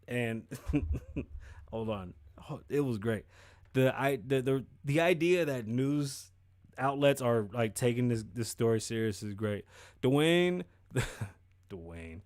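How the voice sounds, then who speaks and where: Brief: male podcast host, mid-pitched, swearing and rambling through casual commentary, dry room. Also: dry recording. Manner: profane, rambling and animated.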